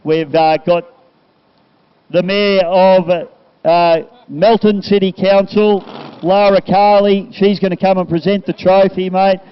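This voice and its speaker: A man's voice: sits high, fairly even intonation, takes it slowly, clear, resonant tone. A man announcing at a boat race, matey and upbeat, thanking people over the PA. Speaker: race commentator and MC. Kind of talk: live PA announcing. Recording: dull live-stream audio with noise.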